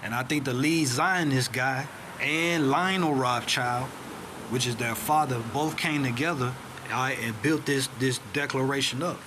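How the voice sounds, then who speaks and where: A man's voice: mid-range voice, measured pace, noisy background. Casual man quizzing listeners with "all right?". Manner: peppers talk with "all right?", "man" and "see that?"; rhetorical questions answered himself. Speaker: self-styled teacher. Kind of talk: informal teaching, reading documents aloud.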